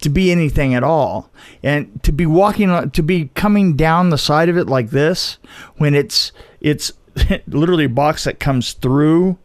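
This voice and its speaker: A podcast co-host chats casually in a slightly high male voice. He stops and restarts often, reaching for words with fillers. The sound is dry and close. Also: dry recording. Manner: halting, many fillers and restarts. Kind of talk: casual chat.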